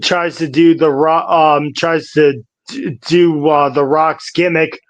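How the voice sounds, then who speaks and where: A man co-hosting a podcast, recapping old wrestling shows in a halting, casual way with restarts. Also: fairly high pitch, fairly even intonation, no room sound. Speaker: podcast co-host.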